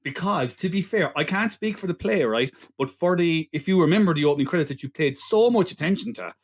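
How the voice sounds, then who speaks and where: A man's voice: fairly high pitch, animated, brisk. A man co-hosting a casual film podcast, interjecting and teasing his co-host. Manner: laughs along, interjects, teasing. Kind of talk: casual film review chat.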